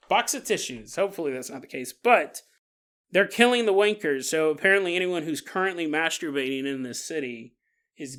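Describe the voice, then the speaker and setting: A man's voice: high voice, bright, forceful tone. A man hosting a podcast in a casual, joking monologue, laughing often and making asides to listeners. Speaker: podcast host.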